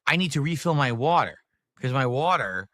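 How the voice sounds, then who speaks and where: A man's voice: medium pitch, expressive, moderate pace, fairly bright tone, no room sound, clean studio sound. A man streaming casually at a desk mic in his office, chatting with viewers between bites and teasing them with mock outrage. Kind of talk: casual livestream chat while eating. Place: office room indoors. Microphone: close desk mic.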